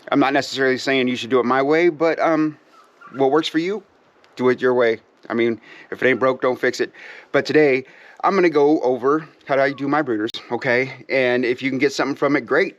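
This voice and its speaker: A man's voice: medium pitch, lo-fi sound. Easygoing man rambling at his birds. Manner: easygoing and folksy, many fillers, keeps addressing viewers as "you guys"; talks sweetly to his birds while walking around. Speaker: pheasant breeder and channel host. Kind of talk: casual rambling vlog chat. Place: outdoors at a backyard pheasantry.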